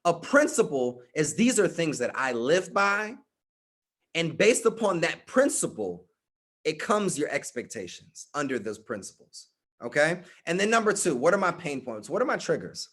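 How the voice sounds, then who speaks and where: High-voiced man giving an emphatic coaching talk. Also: very animated, normal speed, fairly bright tone, husky. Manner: emphatic, repeats points and addresses listeners by name. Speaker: life coach speaking to a live group. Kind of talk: motivational talk with audience.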